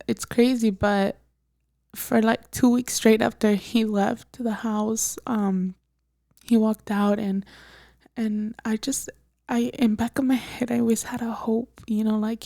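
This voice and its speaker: A young woman hosting a podcast, telling a personal story in a halting, emotional way with many fillers and restarts, often soft and breathy. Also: fairly high pitch, steady tone, dry recording, studio quality. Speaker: podcast host.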